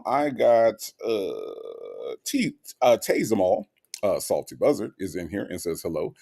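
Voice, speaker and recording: A man's voice: mid-range voice, vocal fry, a little mellow. A man hosting a casual livestream talk show, reading out viewer comments and repeating phrases for effect.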